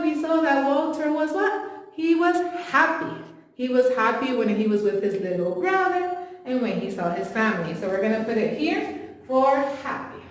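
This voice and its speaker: A woman teacher reading a picture book to young children, animated, gasping in surprise and quizzing them as she goes. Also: high voice. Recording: very echoey room with long reverb.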